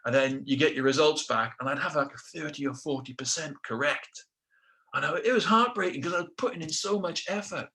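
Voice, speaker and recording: A man's voice: on the high side, a little fast, bright, forceful tone. A middle-aged man with a British accent telling his own story casually, acting out quotes with self-deprecating asides. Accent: British English.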